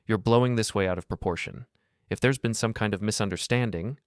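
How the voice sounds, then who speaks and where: A man's voice: lowish voice, fairly quick, clean tone, no echo, clean studio sound, lightly acted. A man voicing a defensive wife who speaks in a cutting tone and at times pleads.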